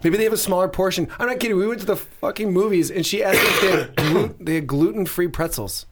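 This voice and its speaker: A male comedian guest on a podcast, telling animated stories in casual banter and mocking people with impressions. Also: sits high, fast, very noisy.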